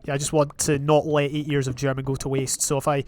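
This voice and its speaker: A young man giving casual, rambling commentary on his own gameplay, with sudden excited outbursts. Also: medium pitch, quick pace, a little hiss or hum. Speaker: gaming channel host.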